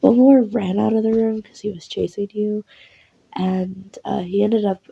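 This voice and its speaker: A woman's voice: medium pitch, level tone, measured pace, vocal fry, mellow, slightly rough, muffled recording. A woman casually narrating an audio role-play in second person, with lots of fillers and some swearing. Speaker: voice actor narrating.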